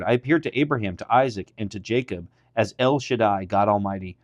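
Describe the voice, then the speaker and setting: A man's voice: lowish voice, brisk, dry recording, dull audio. A man, a pastor, reading scripture aloud on a podcast and lifting his voice for the quoted speech.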